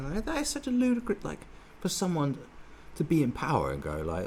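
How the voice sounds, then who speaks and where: A man's voice: medium pitch, wildly swooping pitch, quick pace, few pauses, darkish tone, slight background noise. A man giving a sweary, sarcastic, rambling political rant with many restarts. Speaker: political commentator. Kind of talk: ranting monologue.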